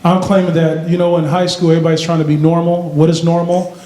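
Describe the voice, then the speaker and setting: A man giving a motivational speech to a school assembly, animated and playful, quizzing the crowd. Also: on the high side, fast talker. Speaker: motivational youth speaker. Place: large school hall with student audience. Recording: echoey hall with background noise.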